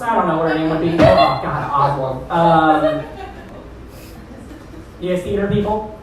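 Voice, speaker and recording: A man's voice: high-pitched, lively intonation, moderate pace. A man hosting a stand-up show, rambling through a story with loose, profane asides. He sounds far from the mic, and his voice rings around a very echoey club room with faint noise underneath. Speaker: comedy show host. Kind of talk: stand-up comedy. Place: comedy club stage. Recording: roomy, distant club recording.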